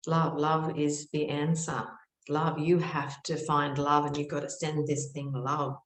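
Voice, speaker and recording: Low-voiced woman telling a dramatic spiritual story. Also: little pitch movement, unhurried. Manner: dramatic, drops to a whisper for inner thoughts. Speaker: spiritual teacher. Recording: echoey room.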